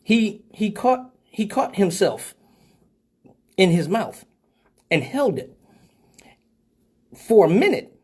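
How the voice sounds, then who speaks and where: Give me an animated man host telling stories with a lively, swooping pitch. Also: takes it slowly, long pauses, husky. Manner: animated, profane, laughs often. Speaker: host of a live call-in show. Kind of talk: casual storytelling.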